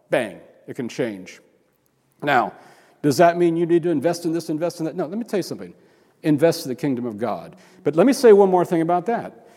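A man preaches in a loose, rambling style, breaking off into asides and restarts. His voice is warm and mellow, pitched a little high, and it jumps up into animated tones when he quotes someone. A long reverb from a hall trails after his words. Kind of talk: sermon.

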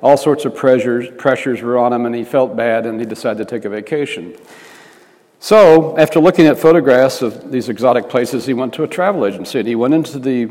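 A man's voice: mid-range voice, fairly quick, darkish tone. A man preaching by telling a story, in an earnest manner that often restarts phrases. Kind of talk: storytelling sermon. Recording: reverberant hall.

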